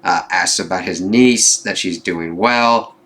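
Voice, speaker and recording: A man's voice: low voice, slow pace, fairly bright tone. A man giving a casual, loosely conversational review, recounting a comic issue and reading its dialogue aloud. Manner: loose conversational retelling with fillers and swearing; reads quoted dialogue aloud mostly in his own voice.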